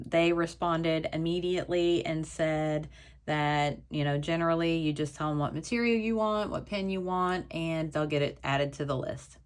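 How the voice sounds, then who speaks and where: A woman's voice: sits low, clean tone. A woman vlogging a stationery haul, chatting through a story, then gushing with emotional, breathless exclamations as she unboxes. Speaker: stationery YouTuber. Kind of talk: casual haul vlog, unboxing.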